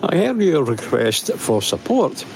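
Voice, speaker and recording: A man doing a gravelly high-pitched announcer. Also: big pitch swings, measured pace, slight background noise, heavily acted. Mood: announcing.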